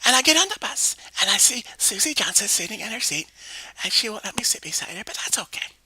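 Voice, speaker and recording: Woman doing a little girl, eight years old, naive, rambling, stammering, breathy half-whisper, high voice. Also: very animated, fast talker, bright, forceful tone, no room sound, full character voice. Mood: childish chatter. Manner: rambling childlike storytelling with stammered restarts. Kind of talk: comedic one-woman voice sketch.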